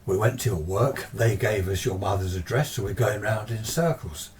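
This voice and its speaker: A brisk, insistent solicitor , as a storyteller puts him on, talking in a fairly low, plain voice. He sounds set back from the mic, with a faint hiss underneath. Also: a little mellow, recorded from a distance, natural voice. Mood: businesslike. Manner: matter-of-fact, insistent. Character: brisk middle-aged male solicitor.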